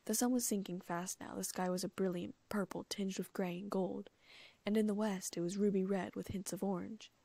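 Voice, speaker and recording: A woman narrates an audiobook in a hushed, often half-whispered reading. Her voice is husky and gravelly at the edges, recorded dry and close. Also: medium pitch, fairly even intonation, moderate pace, no echo. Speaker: audiobook reader. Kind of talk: reading first-person fan fiction.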